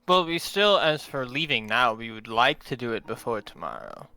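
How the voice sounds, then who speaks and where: A player at a tabletop game, this man has a bright, sharp voice with a lively, swinging pitch. He chimes in with playful, quick reactions while faint guitar music plays behind. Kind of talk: casual play at a tabletop game.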